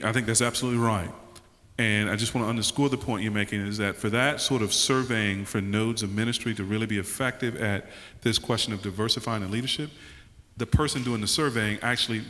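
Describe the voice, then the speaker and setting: A man's voice: fairly low pitch, a bit bright. A pastor on a conference panel, a man speaking earnestly and with emphasis as he tells a story. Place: large conference hall. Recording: reverberant conference hall.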